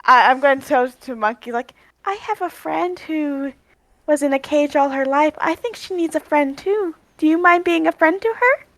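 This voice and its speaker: Woman, tabletop player, gentle coaxing in-character talk, high pitch. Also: animated, moderate pace, dry recording. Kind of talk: tabletop role-play.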